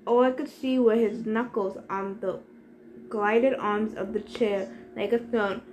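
A woman reading a novel aloud in steady first-person narration. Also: medium pitch, a little slow. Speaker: reader. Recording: echoey room, faint hiss.

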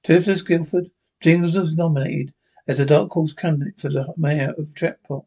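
Husky-voiced man reading out a script. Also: fairly high pitch, steady tone, moderate pace, a little mellow.

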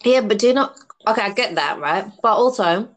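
A woman's voice: medium pitch, animated, a little fast. A woman chatting casually as a podcast guest, eating snacks while she talks. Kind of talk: casual chat.

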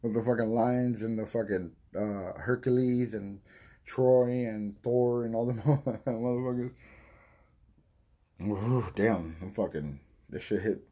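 A man hosting a podcast, rambling and swearing in a casual monologue while high and coughing from smoking. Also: slow, warm tone. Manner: rambling, profane, loses his train of thought. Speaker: podcast host.

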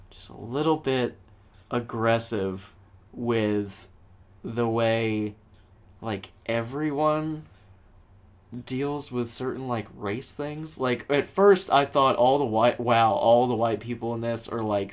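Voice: mid-range voice, takes it slowly, a little mellow. A co-host in a casual movie review chat, rambling with lots of fillers. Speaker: podcast co-host.

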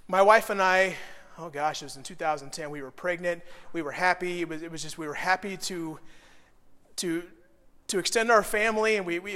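High-voiced preacher man in a long-echo hall. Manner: emotional storytelling, rising to loud peaks. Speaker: pastor. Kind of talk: sermon.

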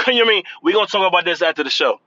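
High, bright-voiced man riffing casually. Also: no echo, highs cut off. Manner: animated slangy riffing, drawn-out "man". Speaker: podcast host. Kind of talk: casual commentary.

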